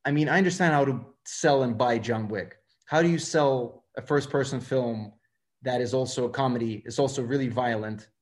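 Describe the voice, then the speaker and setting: A man in his thirties from Russia, speaking English, telling stories as a film director guest and acting out the lines of the people he quotes. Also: mid-range voice. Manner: fast, animated, acts out quoted dialogue. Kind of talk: casual interview storytelling.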